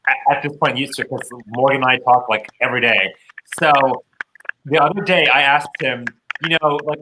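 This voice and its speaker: Bright, giggly male co-host. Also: medium pitch, slight background noise, poor audio. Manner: giggly, enthusiastic. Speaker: co-host, drag queen. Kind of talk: casual chat.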